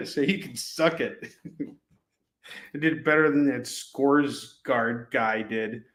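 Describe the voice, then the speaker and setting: A man's voice: medium pitch, takes it slowly, fairly bright tone. Guy selling comics on a live stream, goofy rambling patter, kinda echoey room. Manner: jokey, rambling, upbeat sales patter.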